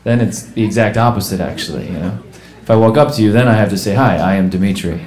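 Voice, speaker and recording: A man's voice: on the low side, quick pace. A man doing an observational stand-up routine in a wry manner. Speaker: stand-up comedian. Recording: roomy club with loud crowd noise.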